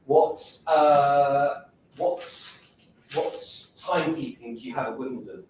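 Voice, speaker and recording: A man with a medium-pitched voice lectures slowly at a university, rambling, stopping himself midway, and asking the students plenty of rhetorical questions. The audio is distant, echoey, and dull, taken in a lecture room with background noise.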